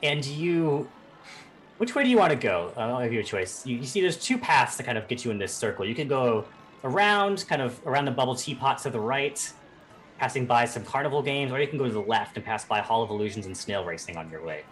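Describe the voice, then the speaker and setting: A man running a tabletop game as game master, narrating in an animated, rambling way with lots of fillers. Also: medium pitch, fairly quick.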